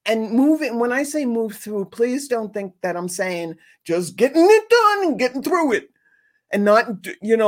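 A woman's voice: fairly high pitch, very animated, moderate pace. A woman hosting a show, talking earnestly and ramblingly about grief and grounding, restarting often and sometimes swearing. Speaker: host. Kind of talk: casual spiritual talk.

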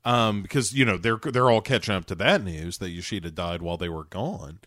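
Man, podcast co-host, lively swooping delivery, bright voice, dry close sound. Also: low-pitched, fairly quick, dry recording. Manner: animated, acts out characters' lines in bursts, swears freely. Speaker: podcast co-host recapping a TV show. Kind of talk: casual chat.

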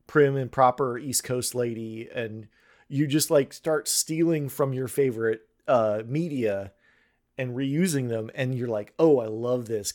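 A man's voice: mid-range voice, a little mellow. A man who runs tabletop games, chatting casually on a podcast and often stopping to restart his thoughts. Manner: halting, full of restarts. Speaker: tabletop game master.

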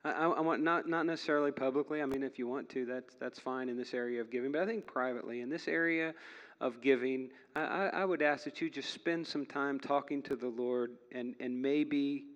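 Delivering a sermon in a church sanctuary, a male pastor comes across as earnest and chatty, with occasional laughs between points. He speaks briskly in a steady, mid-range voice. The highs are cut off, and a large hall's long reverb surrounds the sound.

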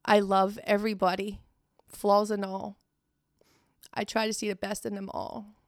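Middle-aged woman guest, gravelly mid-pitched voice, dry close sound; halting, emotional personal story. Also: flat delivery, no room sound. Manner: halting, tearful storytelling with many fillers. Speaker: guest sharing her testimony.

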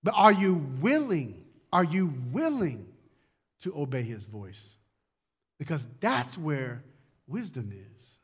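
A man's voice: a little high, husky. A male pastor preaching a conversational sermon, repeating key words and acting out little asides.

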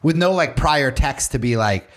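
A man's voice: medium pitch, animated, moderate pace. Joking man in casual chat. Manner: joking, acts out voices in stories. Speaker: podcast co-host.

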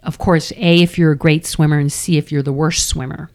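A woman's voice: sits low, fairly even intonation, a little fast, darkish tone. A middle-aged woman from New York, a former triathlete, telling a candid, self-deprecating story as an interview guest.

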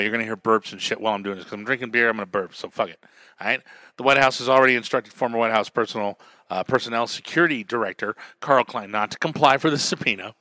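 A man from New Mexico who works as a radio DJ and comic, hosting his own podcast in a loud, profane, beer-drinking monologue. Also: mid-range voice, dry recording. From Albuquerque, New Mexico. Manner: loud, swearing, drinking beer while talking.

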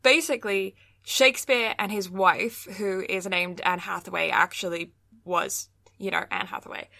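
A woman's voice: medium pitch, fairly even intonation, moderate pace, vocal fry, pushed and bright, no room sound, studio quality. A young woman co-hosting a casual podcast chat, ranting with lots of fillers and laughs. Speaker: podcast co-host.

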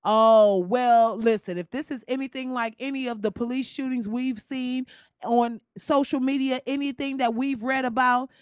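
A young woman rants for laughs in a bright, high-pitched voice, cursing freely and cracking herself up as she goes. She is recorded close and dry, with no room sound around her. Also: moderate pace, dry recording. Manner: loud, laughing, swearing, animated storytelling. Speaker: commentator. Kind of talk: profane comedic rant.

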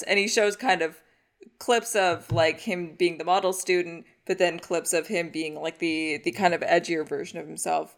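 A woman's voice: on the low side, steady tone, moderate pace, gravelly. Female podcast co-host; casual, chatty episode recap with frequent laughter. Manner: chatty, laughs often, many "like" fillers.

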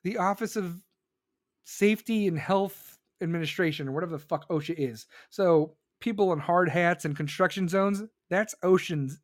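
A man with a fairly high voice rants about politics in a heated, profane and sarcastic way. He reads viewer comments and talks like a casual commentary host.

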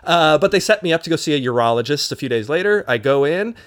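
A man's voice: a little high, quick pace. A man hosting a podcast, telling a long personal story in casual chat and acting out the people in it. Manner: animated storyteller acting out quoted voices. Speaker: podcast host.

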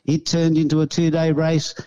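A man's voice: a little high, monotone, moderate pace, dark tone, clear, resonant tone, muffled recording. A man, chatting casually about his pigeon racing in a rambling, hesitant way with many fillers. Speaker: pigeon racer. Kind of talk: casual chat.

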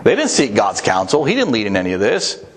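A man's voice: huge pitch swings, fast, background noise. Man preaching a conversational sermon. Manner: conversational preaching, emphatic pitch swings, uneven pace. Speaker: pastor.

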